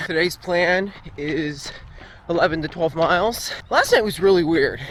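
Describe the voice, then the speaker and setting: Young man, fairly high voice, casual running vlog, talking on the move outdoors, faint traffic hiss behind. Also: lively intonation, a little slow, fairly bright tone. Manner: chatty, talks while jogging outdoors. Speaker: vlogger training for a marathon. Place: outdoors on roads while running. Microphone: handheld camera while running. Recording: faint outdoor noise with wind.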